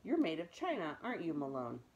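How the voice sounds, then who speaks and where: A woman voicing a huge, gentle bearded man who speaks in a formal, genteel way. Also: low voice, wildly swooping pitch, fairly quick, muffled recording, a little hiss or hum, exaggerated voice. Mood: kindly.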